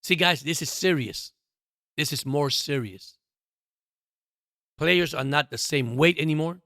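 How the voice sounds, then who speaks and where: A man's voice: on the high side, measured pace, pushed and bright, dry recording, clean studio sound. A man hosting a sports podcast, talking straight to his listeners in an emphatic, repetitive monologue. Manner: emphatic, repeats himself, addresses listeners as guys. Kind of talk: passionate sports commentary monologue.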